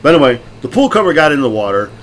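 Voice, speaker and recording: A middle-aged man co-hosting a podcast, loud, jokey and excitable, laughing often. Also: medium pitch, rapid-fire. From Texas. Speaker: podcast co-host. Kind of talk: casual chat. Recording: faint background noise.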